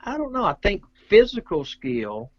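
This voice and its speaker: A middle-aged man from Georgia, telling a rambling, animated story as a guest in a casual interview. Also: high voice, moderate pace, no echo, lo-fi sound. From Georgia, USA. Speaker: guest, pro pool player.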